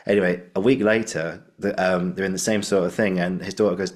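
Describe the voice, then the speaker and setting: A man's voice: low voice, steady tone, fast talker, few pauses. A man hosting a podcast, chatting casually and telling anecdotes with acted-out quotes. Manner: chatty storyteller, acts out quoted voices. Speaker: podcast host.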